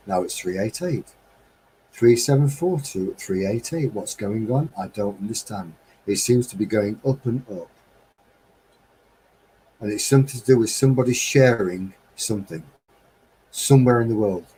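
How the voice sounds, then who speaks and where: A man's voice: lowish voice, warm tone, a little hiss or hum, rough recording. A man hosting a casual live-stream chat from a home setup, talking in a rambling, chatty way and chuckling often. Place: home studio with green screen.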